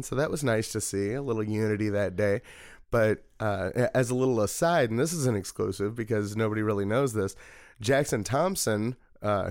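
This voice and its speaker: A man's voice: fairly low pitch, dry recording, clean studio sound. A man telling a long, rambling story in a casual interview, with many fillers. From Missouri, United States. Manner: rambling, relaxed, frequent fillers. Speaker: political party committeeman, guest.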